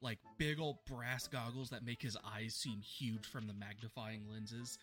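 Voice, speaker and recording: A man narrating as game master in a tabletop game, animated and laughing often. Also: mid-range voice, measured pace, faint music behind.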